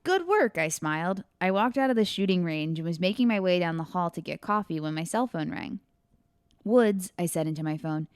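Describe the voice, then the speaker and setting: A woman's voice: lowish voice, a little fast, a little mellow, clear, resonant tone, no room sound, studio quality. A woman reading her own crime story aloud on a podcast, breaking off into casual asides and laughing often.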